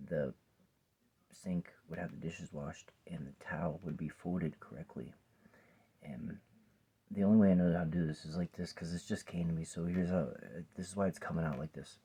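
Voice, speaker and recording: Man, 40s, very low husky voice; rambling vlog storyteller, swears, drifts into hushed asides. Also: normal speed. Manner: rambling, swears often, drops to a near whisper at times. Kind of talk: casual personal storytelling to camera. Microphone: phone or camera close by.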